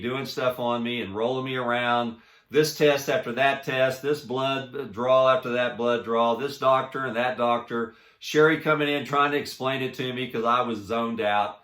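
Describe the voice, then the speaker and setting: A man giving a personal inspirational talk. He speaks earnestly and haltingly, restarting often, and swings between soft and emphatic. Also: mid-range voice, steady tone, roomy sound. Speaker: motivational speaker.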